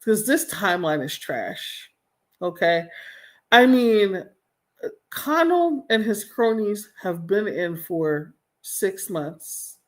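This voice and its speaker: A woman's voice: mid-range voice, animated, takes it slowly. A woman hosting a livestream, reading out chat comments and giving casual commentary, blunt and exasperated, and she swears freely. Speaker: livestream host. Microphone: home streaming mic.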